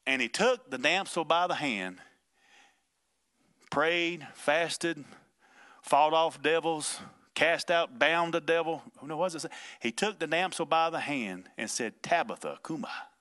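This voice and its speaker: A male pastor preaching in a loose, conversational style. His voice is bright and forward, and his delivery is folksy and emphatic. He chuckles between points. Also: a little high, unhurried. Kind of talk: informal preaching on a podcast.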